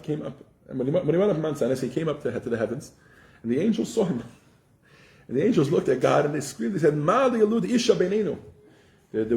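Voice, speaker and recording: A man giving a casual religious class, telling stories with lots of restarts. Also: medium pitch. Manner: animated storyteller, frequent restarts. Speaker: teacher. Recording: roomy echo.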